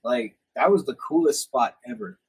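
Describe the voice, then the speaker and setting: Husky-voiced young man telling stories. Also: mid-range voice, moderate pace, rough recording. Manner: animated storyteller, acts out quoted lines loudly. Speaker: podcast host. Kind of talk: casual storytelling chat.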